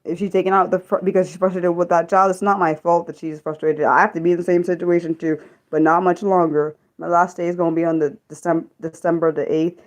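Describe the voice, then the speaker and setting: A young woman chatting casually on a live stream, rambling and halting with many restarts and ums. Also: lowish voice, flat delivery.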